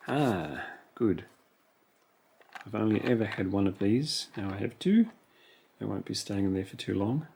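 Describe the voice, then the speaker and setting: A man's voice: fairly low pitch, lively intonation, unhurried, vocal fry, pauses often, mellow, slight background noise. A man chatting casually to himself while unboxing toy cars, musing over each one. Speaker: toy car collector. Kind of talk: relaxed unboxing commentary.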